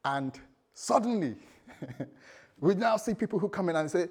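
A man's voice: fairly high pitch, expressive, fairly quick, a little mellow, husky. A male preacher giving a sermon, telling stories animatedly and acting out the voices of the people in them.

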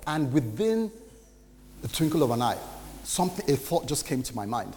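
A man preaching a testimony, telling a story in an animated way and acting out the voices in it. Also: mid-range voice, moderate pace, long pauses, long reverb tail, noisy background. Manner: animated, acts out quoted dialogue. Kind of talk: sermon storytelling.

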